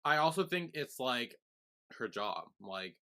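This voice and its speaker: Male co-host, mid pitch, bright tone, casual rambling theory talk. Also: slow pace, gravelly. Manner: relaxed, filler-heavy theorizing. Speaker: podcast co-host. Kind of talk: casual chat.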